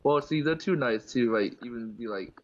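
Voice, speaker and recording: A man's voice: medium pitch, moderate pace. A young man chats through a game with a mid-range voice, joking and drifting through his sentences. His mic sounds dull and lo-fi, with a faint hiss behind it. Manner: joking, rambling with many uh fillers. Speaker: guest gamer. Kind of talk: casual gaming chat.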